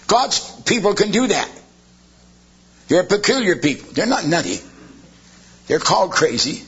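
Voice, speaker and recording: A man's voice: sits high, big pitch swings, normal speed, long pauses, a bit bright, slightly rough. A man preaching a sermon, firing off rhetorical questions with sarcastic asides. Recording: dull lo-fi sermon recording.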